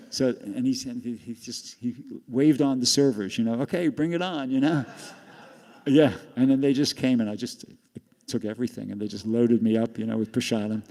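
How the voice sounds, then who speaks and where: A man's voice: medium pitch, warm tone. An older man giving a class, telling a rambling personal story with laughs along the way. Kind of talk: storytelling talk. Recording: long hall reverb.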